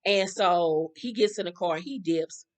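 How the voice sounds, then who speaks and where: A woman's voice: lowish voice, measured pace. Woman casually recapping a TV episode. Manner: profane, animated retelling with slang. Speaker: TV recap host.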